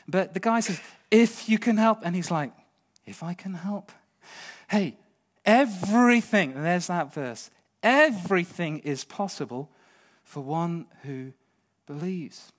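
A middle-aged British man preaching a sermon, swinging between hushed storytelling and impassioned pleading. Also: high-pitched.

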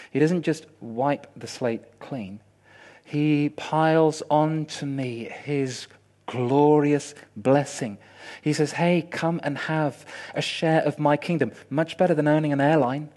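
High-voiced impassioned male preacher. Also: measured pace. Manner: swings from hushed to loud, impassioned and dramatic. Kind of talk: sermon.

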